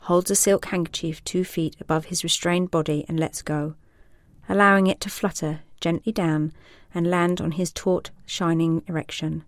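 Woman narrator with a low voice for an adult audio story. Slow and sensual, with a dry close sound. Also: steady tone, dry recording. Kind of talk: scripted erotic story narration.

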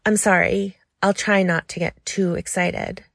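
A woman voicing a nervous, eager young man who is polite and submissive, speaking in a jumpy, hurried way. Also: on the low side, steady tone, creaky, no room sound, clean studio sound.

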